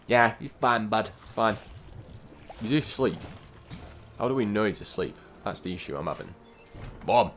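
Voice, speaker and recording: A young man casually commentating his video game play, chatty and quick to get exasperated at the characters on screen. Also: on the low side, lively intonation, fairly bright tone, a little hiss or hum. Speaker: gaming channel host.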